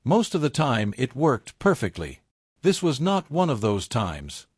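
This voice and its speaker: A man's voice: medium pitch, huge pitch swings, measured pace, breathy edge, no room sound. Male voice-over narrator, scripted, dry studio sound.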